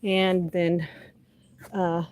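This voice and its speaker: A woman's voice: fairly low pitch, flat delivery, extremely slow, darkish tone. A woman livestreaming casual chat from her home garden, talking to her plants by name and filming on a handheld phone. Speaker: livestream host.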